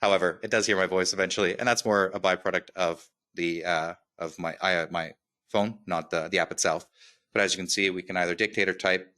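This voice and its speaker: In an energetic webinar walkthrough of a product, a man demos software with a low, flat delivery and a slight lisp. He's upbeat and quick, using "right?" as filler to check understanding.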